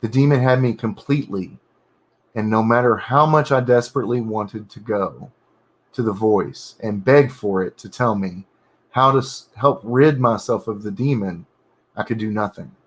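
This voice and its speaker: A man reading his own horror story draft aloud, pausing in halting bursts to correct his wording and comment on it. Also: lowish voice. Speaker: writer streaming his editing.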